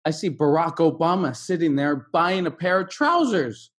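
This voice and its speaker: A middle-aged man teaching English in an online lesson, drilling word stress with slow, drawn-out repetitions. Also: on the high side, animated, fairly bright tone.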